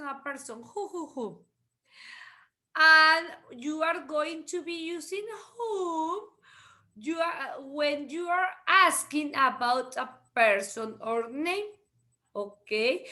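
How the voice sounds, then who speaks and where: Woman, English teacher, video call lesson, slow deliberate speech, bright tone. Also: high-pitched. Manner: lively, repeats key words, asks rhetorical checks. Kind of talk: online English lesson explained partly in Spanish.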